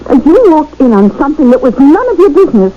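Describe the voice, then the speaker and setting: A friend full of spy theories. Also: female voice, sits high. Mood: animated. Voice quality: quick, animated. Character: worried woman friend spinning spy theories. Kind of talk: 1970s radio drama acting. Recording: dull old radio broadcast.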